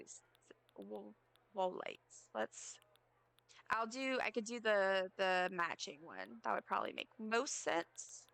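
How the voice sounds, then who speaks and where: A young woman's gravelly, fairly bright medium-pitched voice carries her chatty, rambling live-stream talk as she plays a game and makes self-mocking asides, with no room sound.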